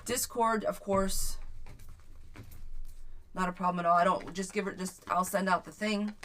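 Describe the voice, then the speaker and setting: A woman's voice: mid-range voice, fairly even intonation, normal speed, fairly bright tone. A woman reading tarot on a live stream, chatting casually, repeating viewers' questions aloud and stumbling over her words. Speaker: tarot reader.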